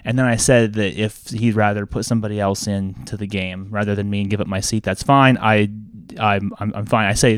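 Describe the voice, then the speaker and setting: A man's voice: fairly low pitch, fairly even intonation, fairly quick, clean tone, no echo, clean studio sound. A man co-hosting a casual chat show, ranting with lots of profanity and mocking the people he quotes. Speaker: podcast co-host.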